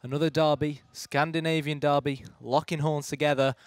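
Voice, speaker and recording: A man's voice: on the high side, moderate pace, no room sound. A man casting live esports play-by-play, building hype around each kill. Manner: excitable play-by-play, bursts of hype on kills.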